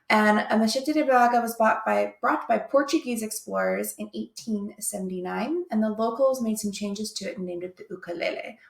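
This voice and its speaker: Woman, music teacher, video lesson, chatty, upbeat, gravelly, roomy echo. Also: a little high.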